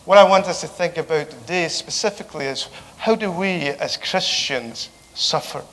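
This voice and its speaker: Man lecturing in a reverberant hall. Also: on the high side. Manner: relaxed, joking, halting with fillers. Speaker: theology professor giving a lecture. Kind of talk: conversational lecture. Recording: reverberant hall with faint background noise.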